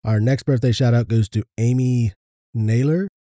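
A man co-hosting a podcast, reading birthday shout-outs in a plain, understated way. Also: medium pitch, moderate pace, no echo, clean studio sound. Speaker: podcast co-host.

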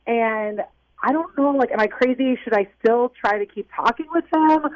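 A woman's voice: fairly high pitch, moderate pace, no echo, lo-fi sound. A young woman calling in to a radio advice show, flustered and rambling, saying "like" a lot. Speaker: caller. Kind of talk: call-in radio chat.

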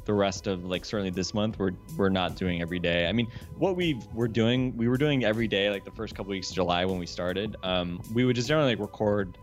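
A man with a fairly low voice, chatting casually as a podcast guest. He rambles and restarts, leaning on "like" and "you know". Faint music runs underneath. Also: fast talker, few pauses. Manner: rambling, heavy use of "like" and fillers. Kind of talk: casual chat.

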